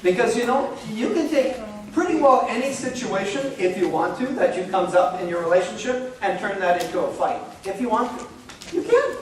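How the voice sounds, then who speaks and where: High-voiced man telling stories. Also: normal speed, a crowd in the background. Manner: animated, joking, many "okay?" and "like". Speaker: speaker at a church marriage talk. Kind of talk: relaxed storytelling talk. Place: church hall. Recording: echoey room from far off.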